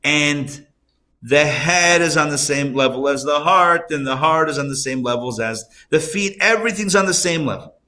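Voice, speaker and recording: A man, a rabbi, teaching a live class around a table, conversational and animated, asking rhetorical questions. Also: fairly high pitch, moderate pace. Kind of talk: live Torah class lecture.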